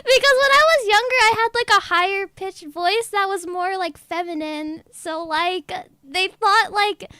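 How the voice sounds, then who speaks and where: A woman's voice: very high-pitched, a little slow, few pauses, pushed and bright, dry recording. A woman with a girlish, childlike voice, telling a story in a giggly, rambling way as a VTuber chatting on stream. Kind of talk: casual stream chat.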